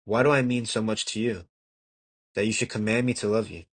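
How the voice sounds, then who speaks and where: An amateur audiobook reader, a young adult man, delivers an old devotional text in a fairly low voice with a steady tone, earnest and measured, now and then tripping and restarting a word. The recording is close and dry, with almost no room sound.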